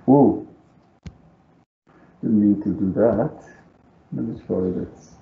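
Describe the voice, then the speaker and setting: A man's voice: on the low side, slow pace, vocal fry. A man with a non-native English accent teaching a live calculus lecture, thinking aloud as he works and coaxing students to agree with him. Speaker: math teacher. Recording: roomy, dull lo-fi sound.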